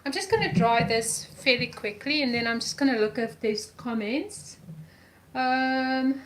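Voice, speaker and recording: A woman leads a live art journaling lesson at an unhurried pace, narrating every step as she paints. Her voice sits a little high, and she repeats words when a color delights her. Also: background noise. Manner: chatty, talks through each step while painting. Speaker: art teacher.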